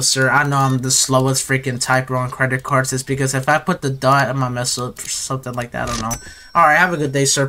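Hyped, bright-voiced young gamer guy. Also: fairly high pitch, slight background noise. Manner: excitable, slangy, rambling, talks to viewers. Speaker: gaming video creator. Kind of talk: casual gameplay commentary.

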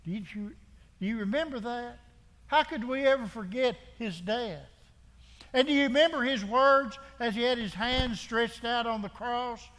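A man's voice: very high voice, measured pace, a bit bright, big-room sound. A man preaching a sermon as pastor, driving home his point with repeated rhetorical questions and frequent restarts. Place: church sanctuary.

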